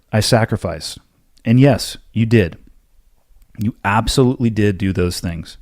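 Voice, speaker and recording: A man with a fairly low voice answers listener questions in a solo podcast monologue. He speaks bluntly and emphatically, with the occasional curse. The sound is dry and close, with no room echo. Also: dark tone.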